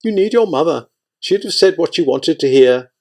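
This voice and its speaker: A man reading an audiobook, voicing a worried, sharp-tongued middle-aged wife in a raised, tense pitch. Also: expressive, moderate pace. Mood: needling.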